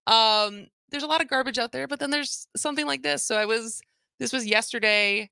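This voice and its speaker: A woman's voice: on the high side, a little fast, vocal fry, bright, forceful tone, clean tone, dry recording, studio quality. A woman hosting a radio talk show, speaking to listeners directly with energy.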